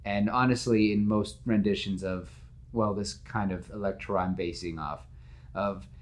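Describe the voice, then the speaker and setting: A man hosting a podcast, telling a story in casual, animated chat with lots of fillers. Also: on the low side, moderate pace. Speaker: podcast host pitching a story.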